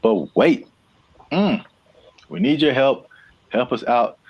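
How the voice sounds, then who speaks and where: A man's voice: mid-range voice, lively intonation, takes it slowly, slightly rough, lo-fi sound. A man co-hosting a podcast in casual chat, playful and laid-back with slangy phrasing. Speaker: podcast co-host.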